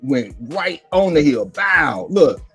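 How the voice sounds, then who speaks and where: A man's voice: on the high side, big pitch swings, takes it slowly, a bit bright, husky. Laid-back slangy man, faint music. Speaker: podcast co-host. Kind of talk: casual storytelling chat. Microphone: livestream mic.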